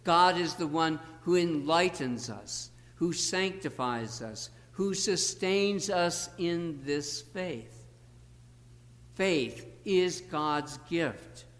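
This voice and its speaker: A man preaching a sermon as a pastor, slow and deliberate, with emphatic pauses. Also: a little high, fairly bright tone, in a large hall.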